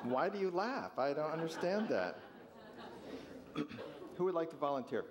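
A man's voice: on the high side, very animated, a little slow, crowd noise. A man pastor leading an interactive sermon with volunteers, jovial and chuckling as he asks the congregation questions.

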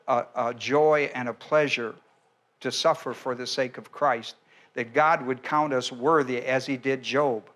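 A male pastor giving a verse-by-verse sermon, speaking deliberately, with frequent restarts and an occasional clearing of the throat. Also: medium pitch, fairly bright tone.

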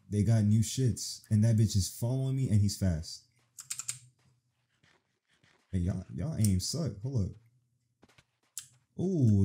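A young man gives profane, excited let's-play commentary, talking to the game as he plays. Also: fairly low pitch, slight background noise. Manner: profane, animated reactions, talks to the game. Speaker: gaming streamer.

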